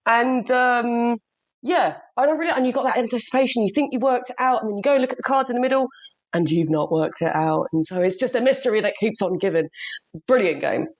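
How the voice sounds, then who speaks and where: A woman co-hosting a casual podcast chat, chatty and quick to laugh and swear. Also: a little high. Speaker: podcast co-host.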